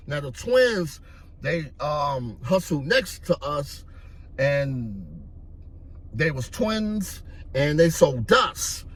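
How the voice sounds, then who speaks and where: A man's voice: fairly high pitch, very animated, extremely slow, breathy edge. A man telling a story in loose, streetwise casual talk. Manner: loose, streetwise, repeats "you know what I mean". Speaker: vlogger.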